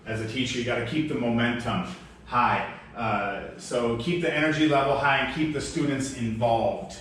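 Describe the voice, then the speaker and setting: A man who teaches English, giving new teachers casual advice in a relaxed, rambling way with self-deprecating asides. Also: mid-range voice, normal speed. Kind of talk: casual instructional chat. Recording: echoey room, mic far off, faint background noise.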